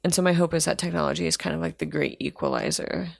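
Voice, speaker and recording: A woman's voice: sits low, wildly swooping pitch, quick pace, gravelly, no echo, clean studio sound. A woman co-hosting an education podcast, a parent talking earnestly and casually with lots of "like". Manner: earnest and chatty, with frequent "like". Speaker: podcast co-host. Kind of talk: casual conversation.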